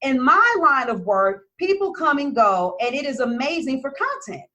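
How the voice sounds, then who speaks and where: A woman's voice: sits high, sing-song, moderate pace, bright, forceful tone, highs cut off. A woman business coach talking casually to her followers, blunt and emphatic, swearing freely.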